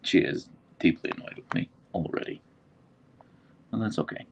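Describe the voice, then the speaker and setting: Streaming casually from his phone, this male livestream host reads out viewer comments and talks to his dogs in a laid-back way. His low, sing-song voice moves at a moderate pace, creaky and slightly dark with a breathy edge, and the high frequencies are cut off.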